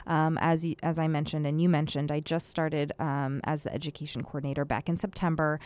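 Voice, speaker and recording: Low-voiced woman, hesitant. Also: flat delivery, a little fast, a little mellow. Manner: hesitant, many ums and restarts. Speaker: education coordinator at a community kitchen. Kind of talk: casual interview talk.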